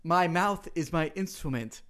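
A man doing an improvised comedy impression of a brash, boastful wrestling referee, crude and cocky, breaking into loud sung cries. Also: on the high side, animated, unhurried, voice pushed up. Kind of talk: comedy podcast improv bit.

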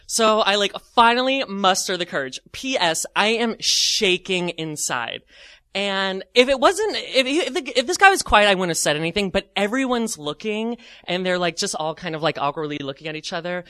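A man telling a comic personal anecdote, animated and self-mocking, with lots of "like" fillers. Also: sits high, normal speed, no room sound. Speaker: storyteller.

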